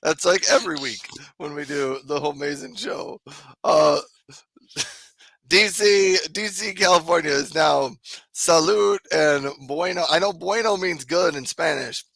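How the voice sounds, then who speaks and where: A man from the Midwest co-hosts a live shopping stream. His voice is slightly high, bright and gravelly. He banters casually and keeps breaking into laughter. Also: a little slow, dry recording, low-quality recording. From South Dakota, US Midwest. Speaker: co-host.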